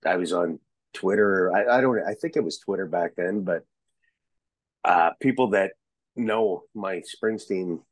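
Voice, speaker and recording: A man chatting as a podcast guest, an excitable storyteller who rambles and restarts his sentences. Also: on the low side, slightly rough, no room sound. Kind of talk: casual chat.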